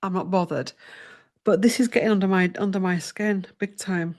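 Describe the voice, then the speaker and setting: Speaking at a normal pace in a mid-range, somewhat mellow voice with fairly even intonation, a tarot channel host chats loosely about her research, flustered and swearing to herself under her breath.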